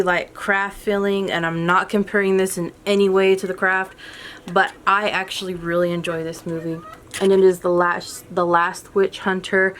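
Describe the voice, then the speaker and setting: A woman's voice: mid-range voice, fairly bright tone, a little hiss or hum. Chatty upbeat woman vlogger. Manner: chatty, upbeat, many ums and restarts. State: a bit out of breath. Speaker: movie vlogger. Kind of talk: casual vlog to camera.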